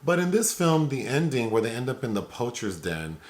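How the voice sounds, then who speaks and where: A man's voice: mid-range voice, sing-song, brisk. A man hosting a film review podcast, chatting casually with fillers and laughter. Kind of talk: casual chat.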